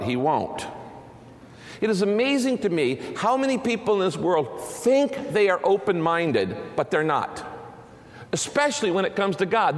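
A man preaching a sermon, emphatic, driving points home with repeated lists. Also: high voice. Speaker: pastor. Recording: long hall reverb.

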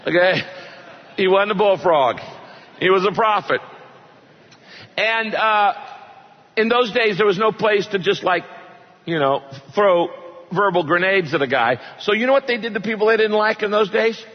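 A man's voice: sits high, animated, moderate pace. A man preaching a sermon, joking with the congregation and reading scripture with dramatic emphasis. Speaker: pastor. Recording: long hall reverb, dull lo-fi sound.

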